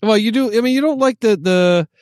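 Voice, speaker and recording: Higher-voiced man in rambling casual chat. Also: fairly quick, dry recording, studio quality. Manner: rambling, filler-heavy, relaxed. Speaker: podcast co-host.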